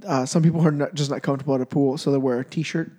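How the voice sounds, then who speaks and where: A man's voice: medium pitch, steady tone, racing, mellow. A man hosting a podcast, talking in an easygoing, chatty way. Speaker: podcast host. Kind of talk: casual chat.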